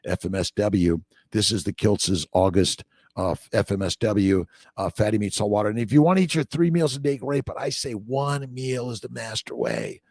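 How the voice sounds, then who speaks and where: A man's voice: lowish voice, expressive, normal speed, a little mellow, slightly rough, dry recording, studio quality. An older man, a doctor, hosting a casual morning livestream, upbeat and preachy, greeting viewers by name.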